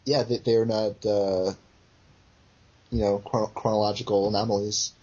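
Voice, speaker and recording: A man co-hosting a casual podcast chat, deep and smooth, halting with many fillers. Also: little pitch movement, darkish tone, dull audio. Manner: halting, lots of fillers and restarts. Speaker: podcast co-host.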